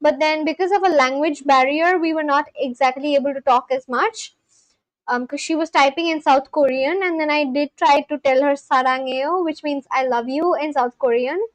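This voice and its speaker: A woman's voice: sits high, normal speed, dry recording, poor audio. A young woman chatting casually on a livestream, gushing and exclaiming often as she reacts to viewers.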